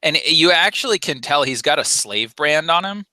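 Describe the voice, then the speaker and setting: A man's voice: fairly high pitch, expressive, normal speed, pushed and bright, no room sound, rough recording. A man narrating a tabletop game as game master, casual and full of fillers.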